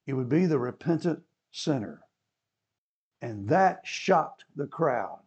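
A man's voice: mid-range voice, very animated, takes it slowly, a little mellow, slightly rough. A man preaching a sermon, explaining scripture and acting out the people in it with rising fervor. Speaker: pastor.

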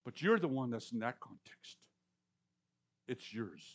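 A man in his sixties preaching a conversational sermon, repeating words for emphasis and swinging between loud and hushed lines. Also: medium pitch, big pitch swings, a little slow, gravelly, highs cut off. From Canadian or US prairies. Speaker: pastor.

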